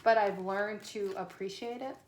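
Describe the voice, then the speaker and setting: A woman's voice: mid-range voice, fairly even intonation, moderate pace, a little hiss or hum. Chatty woman reading tarot in an echoey room. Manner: chatty, self-conscious, with restarts and stutters. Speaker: tarot reader. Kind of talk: casual tarot reading to camera.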